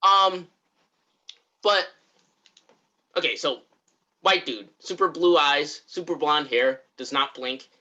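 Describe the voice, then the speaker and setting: A man's voice: a little high, slow pace, pauses often, lo-fi sound. A man co-hosting a podcast, casually recapping a TV episode and acting out what the characters say. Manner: animated storytelling, acts out characters' lines. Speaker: podcast co-host.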